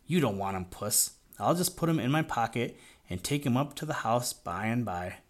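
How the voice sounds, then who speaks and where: A man's voice: mid-range voice, lively intonation, normal speed, natural voice. A man voicing a friendly, cheerful farm boy in a storybook reading.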